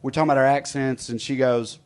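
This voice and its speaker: A man's voice: mid-range voice, little pitch movement, quick pace. A man co-hosting a comedy podcast, telling loose stories in casual chat, swearing freely and laughing often. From Kansas. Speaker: podcast co-host.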